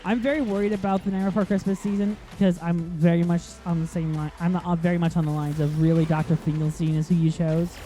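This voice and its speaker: Guy rambling through a gameplay video, warm mellow voice, keeps getting sidetracked, tons of ums, bit of game music under it. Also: fairly high pitch, level tone, fast talker, few pauses. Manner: rambling, chatty, easily sidetracked, lots of ums. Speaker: gaming channel host. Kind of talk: casual let's-play commentary.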